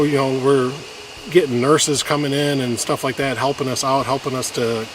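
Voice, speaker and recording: Guy telling a hard story on a trail, halting, voice breaking up, lots of noise around. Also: medium pitch, fairly even intonation. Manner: halting, many restarts, gets choked up. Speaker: vlogger telling a personal story. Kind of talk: emotional personal storytelling. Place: outdoors on a hiking trail. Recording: noisy outdoor recording.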